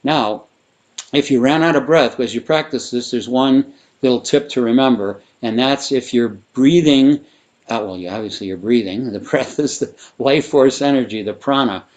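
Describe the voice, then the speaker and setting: A man teaching a guided vocal breathing exercise, talking in a relaxed, rambling way with fillers and restarts. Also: mid-range voice, moderate pace. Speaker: sound therapy teacher.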